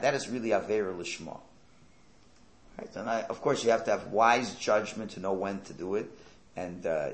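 A man's voice: lowish voice, echoey room. A man giving a religious lecture, emphatic and full of rhetorical questions and sarcastic asides. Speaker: Torah teacher.

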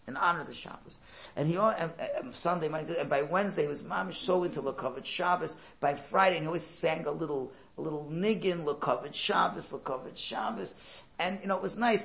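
A man tells a Hasidic folk tale with animated, chatty energy. He drops Yiddish words and quick asides into the telling. His voice is gravelly and sits somewhat high. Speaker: storyteller.

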